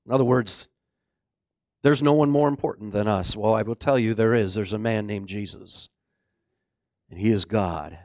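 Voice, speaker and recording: A man preaching a sermon, swinging between booming exclamations and hushed, low passages. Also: moderate pace, pauses often, no room sound. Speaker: pastor.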